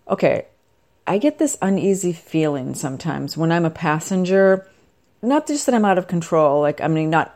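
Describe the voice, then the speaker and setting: A middle-aged woman rambling casually to the camera, chatty and self-deprecating. Her voice sits a bit low but swings up and down a lot, and she keeps drifting into side comments. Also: a little mellow. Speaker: vlogger.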